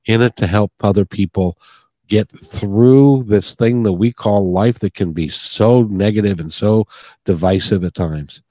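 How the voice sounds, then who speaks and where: Podcast host, male, rambling and sincere, slightly low, dry close recording. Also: measured pace, mellow, dry recording. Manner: rambling, earnest, with many restarts. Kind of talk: heartfelt podcast interview chat.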